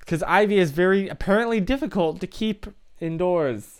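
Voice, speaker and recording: Laughing a lot and poking fun at himself, a young man rambles through a casual chat with his live-stream viewers from his room, reading their messages. He has a high-pitched, clear, resonant voice with lively intonation at a moderate pace.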